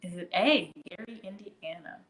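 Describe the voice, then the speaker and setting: A woman's voice: on the low side, moderate pace, a bit bright, low-quality recording. A woman with a Midwestern American accent hosting a casual live trivia stream, chatting and reading viewer comments aloud with frequent laughter. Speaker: livestream trivia host.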